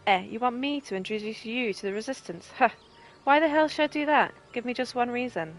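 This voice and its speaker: A Northern English woman voicing a scornful, prickly female rebel in a game, with a sharp, mocking delivery. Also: on the high side, a little fast, slight background noise, pitched above the performer's own voice, lightly acted.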